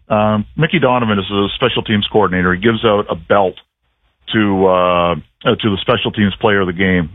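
A man's voice: fairly low pitch, no echo. Man on a tinny phone line. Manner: rambling storyteller, dry self-mocking humor. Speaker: team play-by-play broadcaster on a call-in guest spot. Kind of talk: casual radio chat.

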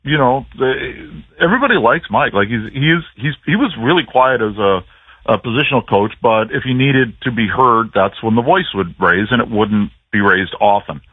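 A man's voice: medium pitch, expressive, moderate pace, breathy edge, dry recording. A man on a narrow, tinny phone line tells stories in a chatty, self-deprecating way. He is a broadcaster calling in to a radio talk show. The sound is dry and close. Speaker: play-by-play broadcaster, phone-in guest. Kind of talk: casual radio phone interview.

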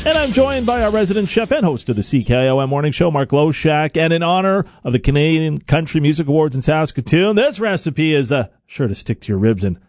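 A man presenting a news update and introducing a cooking segment, with lively reactions. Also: fairly high pitch, brisk, few pauses, no echo, highs cut off, faint music behind. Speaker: news and morning show presenter.

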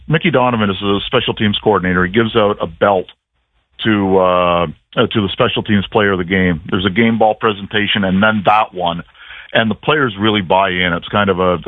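A man's voice: on the low side, steady tone, fairly quick, dry recording. A man calling in to a radio sports show, chatting casually and telling a story with lots of fillers and restarts. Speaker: play-by-play broadcaster, phone guest. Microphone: phone. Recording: dry tinny phone line.

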